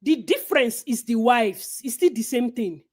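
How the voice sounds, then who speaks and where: A Nigerian woman co-hosting a casual gossip chat, animated and preachy, slipping into Pidgin. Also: a little high, moderate pace, breathy edge. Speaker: co-host.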